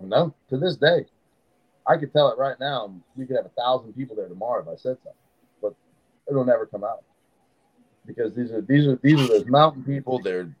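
A man in a podcast studio spins yarns about backcountry fishing, slipping into the voices of the people he meets along the way. His tone is casual and his talk rambles like easy chat. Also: medium pitch. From Southern United States. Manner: animated storyteller who acts out quoted locals. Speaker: fishing guide.

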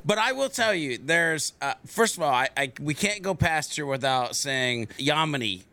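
A man's voice: fairly high pitch, sing-song, moderate pace, sharp tone, no room sound. A man co-hosting a podcast in casual chat, enthusiastic and laughing as he talks. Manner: enthusiastic, laughs through his words.

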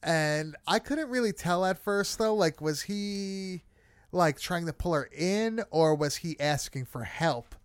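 A man's voice: high voice, animated, a little slow, clean tone, no room sound, studio quality. A man casually recapping a horror film with friends, swearing often and leaning on fillers. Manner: loose, swearing, many fillers.

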